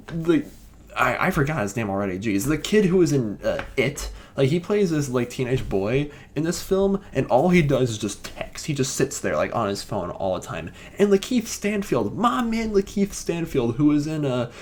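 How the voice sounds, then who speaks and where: Young male film reviewer, lively pitch swings, chatty and filler-heavy, faint background hiss. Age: young adult. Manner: rambling, filler-heavy, enthusiastic with frequent restarts. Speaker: movie reviewer. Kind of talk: casual spoken film review.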